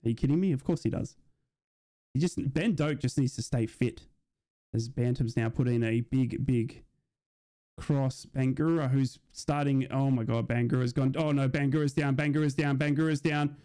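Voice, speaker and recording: A man's voice: medium pitch, moderate pace, dark tone. A man streaming a live football watch-along, chatting casually, reading out viewers' messages and often asking "do you know what I mean".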